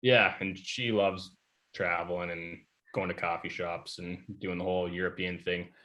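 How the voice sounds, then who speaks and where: A young man with a lowish voice chatting as a podcast guest. He is laid-back and rambles, trailing off and restarting as he tells stories. Stories come out loose and unhurried. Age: young adult. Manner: relaxed, rambling, many fillers and trailing restarts. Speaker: podcast guest, pro hockey player. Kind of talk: casual chat.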